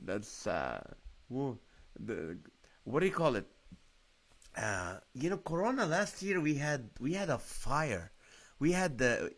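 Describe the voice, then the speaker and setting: Joking man chatting on a live stream. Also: mid-range voice. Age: middle-aged. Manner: rambling, joking, laughs often. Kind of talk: casual comedic storytelling to live viewers. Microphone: phone or webcam on a live stream.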